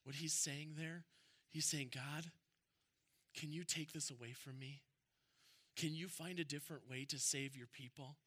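Young male pastor, sermon, casual and emphatic, bright tense voice, dry sound. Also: fairly high pitch, measured pace, pauses often, dry recording. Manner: animated and conversational, rising to emphatic peaks.

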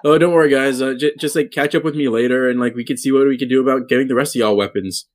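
A man's voice: mid-range voice, steady tone, fast talker, natural voice. A man voicing a laid-back, generous male guard who talks loosely and casually. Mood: breezy.

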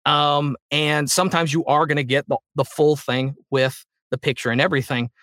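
High-energy man, voice actor guest. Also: normal speed, dry recording, clean studio sound. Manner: high energy, animated storyteller. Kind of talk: casual interview chat.

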